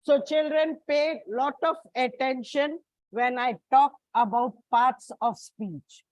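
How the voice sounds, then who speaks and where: A woman's voice: sits high, slow pace, no echo, low-quality recording. A woman teacher, giving a classroom lecture and explaining step by step. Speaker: English teacher.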